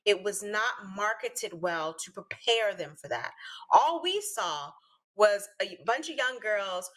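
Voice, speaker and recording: A woman co-hosting a talk show, speaking earnestly and emphatically in casual discussion with animated asides. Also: medium pitch.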